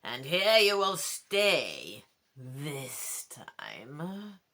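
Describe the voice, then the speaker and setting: A woman reading aloud, voicing the cruel, croaking ghost of a murderous king who speaks slowly and with menace. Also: low voice, wildly swooping pitch, bright, forceful tone, voice pushed down, exaggerated voice. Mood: menacing. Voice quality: croaking, growling.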